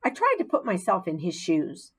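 A woman narrating a children's storybook in an expressive, gently dramatic way. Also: fairly low pitch, moderate pace, husky, poor audio. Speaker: audiobook narrator.

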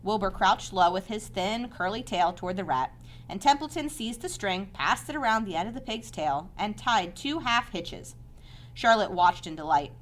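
Lady reading a kids' book out loud, lively expressive voice, calm steady telling. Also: mid-range voice. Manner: measured, expressive storytelling. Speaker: narrator. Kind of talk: reading a children's novel aloud.

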